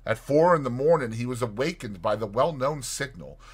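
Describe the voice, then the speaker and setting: A man reading a short story aloud as audiobook narrator, in a dramatic and expressive scripted narration. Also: medium pitch, moderate pace, slightly rough.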